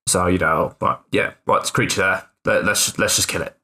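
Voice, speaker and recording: A man's voice: sits low, fairly even intonation, a little fast, sharp tone. A man co-hosting a tabletop gaming podcast as a player, talking casually and hesitantly with frequent restarts and the odd swear.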